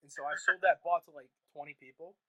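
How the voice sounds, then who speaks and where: A man's voice: a little high, fairly even intonation, sharp tone, low-quality recording. A man telling stories as a guest in a casual interview, candid and often laughing, on a video call. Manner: rapid, laughing, candid storytelling. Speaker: guest, chatbot course creator.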